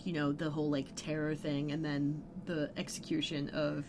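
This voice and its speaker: A woman's voice: sits low, level tone, normal speed, background noise. A woman co-hosting a podcast in casual chat, blunt and jokey, swearing offhandedly and playfully opinionated. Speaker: podcast co-host. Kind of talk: casual chat recapping a TV episode.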